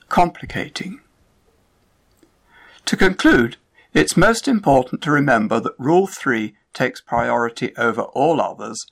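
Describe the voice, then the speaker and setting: A man giving a scripted pronunciation lesson, enunciating each example word in a slow, measured way. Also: mid-range voice, creaky, fairly bright tone. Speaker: pronunciation teacher. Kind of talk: scripted instructional narration.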